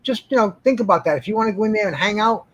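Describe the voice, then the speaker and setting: Husky high-voiced man with halting speech. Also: a bit bright, poor audio. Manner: repeats words, halting restarts. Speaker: guest panelist. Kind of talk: casual group chat.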